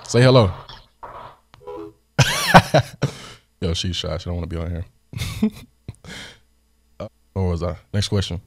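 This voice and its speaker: A young man hosting a podcast, telling a story in a casual, animated way, sarcastic and laughing often. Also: deep voice, takes it slowly, gravelly, pauses often, dry recording, studio quality. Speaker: podcast host.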